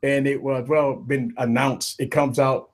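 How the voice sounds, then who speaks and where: Male tech livestream host, husky, upbeat and repetitive. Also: mid-range voice, measured pace. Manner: hype, repetitive shout-outs, animated. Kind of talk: casual livestream chat.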